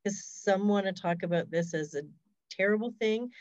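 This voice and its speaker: A woman's voice: mid-range voice, normal speed, darkish tone, dry recording, muffled recording. A woman, a hospice fundraiser, telling stories in a casual, reflective interview over a video call.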